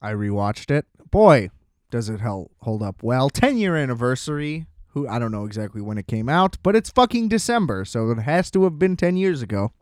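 A man's voice: medium pitch, very animated, normal speed, no room sound, studio quality. A man hosting a podcast, ranting in a casual, exasperated and profane way. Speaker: podcast host. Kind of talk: casual solo podcast rant.

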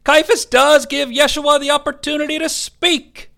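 Give me a man recapping a film with crude jokes, raspy and bright. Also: very high-pitched, little pitch movement, moderate pace. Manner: irreverent, crude, joking. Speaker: movie reviewer. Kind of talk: comedic movie recap.

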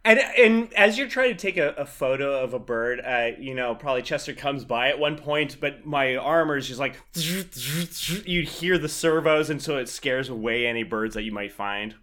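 A man's voice: medium pitch, brisk, hardly any pauses, fairly bright tone. A man playing a tabletop game, chatting casually. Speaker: player.

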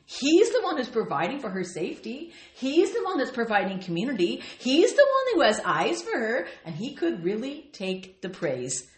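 A woman's voice: a little high, normal speed, few pauses, reverberant. A woman teaching a Bible study, earnestly reading and explaining scripture with feeling. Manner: earnest and expressive, reads scripture aloud with feeling.

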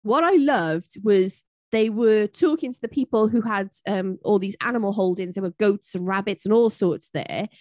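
A British woman co-hosting a chatty podcast, animated and acting out the quotes she tells. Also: moderate pace, hardly any pauses, dry recording. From Britain. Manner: animated, acts out quotes with a jump in pitch. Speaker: podcast co-host. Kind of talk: casual chat.

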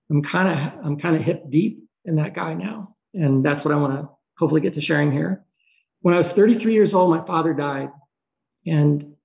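Gravelly man telling a personal story. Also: a little high, darkish tone. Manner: halting and emotional, with pauses and restarts. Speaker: speaker sharing a personal story. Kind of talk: personal storytelling, reflective monologue. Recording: dull lo-fi recording.

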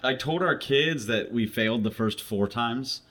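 A man's voice: mid-range voice, moderate pace, fairly bright tone. A man from Texas, a traveling minister, chatting as a podcast guest over a video call, joking about himself. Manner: self-deprecating, laughs often. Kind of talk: casual chat.

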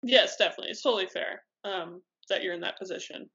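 A woman's voice: medium pitch, fast talker, fairly bright tone. Woman cohost asking about a book, dry wry tone, dull muffled mic. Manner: wry, leading the discussion with questions. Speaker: podcast co-host. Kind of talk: casual book discussion.

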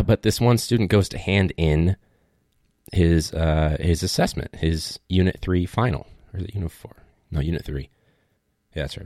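Brief: a low-pitched male teacher, casual rambling talk, dry close recording. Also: warm tone, no room sound. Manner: rambling storyteller, lots of fillers and asides. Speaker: public school teacher. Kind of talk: casual monologue.

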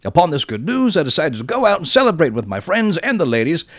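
A man's voice: a little high, huge pitch swings, fast talker, no echo, studio quality. A man putting on a rambling British letter writer. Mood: mock-pompous. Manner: comic exaggerated reading voice. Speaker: podcast co-host reading a listener email. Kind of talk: reading a letter in a put-on British accent.

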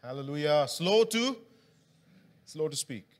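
In a church hall with long reverb, a man with a slightly high voice and lively intonation preaches at a measured pace. He keeps the sermon casual and conversational, quizzing the congregation to draw them in.

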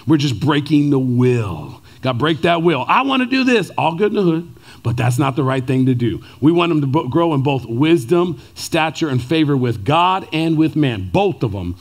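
A man in his thirties preaching a sermon to fathers, animated and conversational, often checking in with "right?". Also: medium pitch, normal speed. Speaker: pastor.

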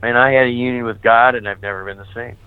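A man who is a priest tells his own story with candid, lively energy and slips into the voices of the people he quotes. His voice comes through thin and tinny, like over a phone line, with a dry, close sound. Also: medium pitch, fast, clean tone, dry recording. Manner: animated, candid, acts out remembered dialogue. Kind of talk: personal testimony storytelling.

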